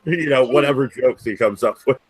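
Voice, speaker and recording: A man's voice: mid-range voice, brisk, slightly rough, dry recording, low-quality recording. A man hosting a casual stream chat, swearing often and laughing as he rambles. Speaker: stream host.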